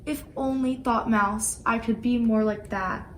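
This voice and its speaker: A woman volunteer reading a rhyming children's picture book aloud, with expressive, playful emphasis. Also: on the high side, a little slow, noisy background.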